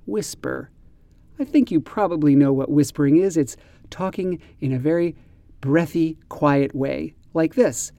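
A man teaching an English vocabulary lesson, spelling each word slowly and acting out examples. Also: a little high, gravelly, dark tone, dry recording.

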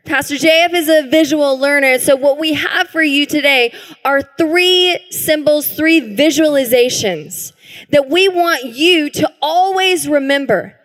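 A woman's voice: high voice, unhurried, fairly bright tone. A woman pastor preaching a sermon in an earnest, emphatic way. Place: church hall. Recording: reverberant church hall.

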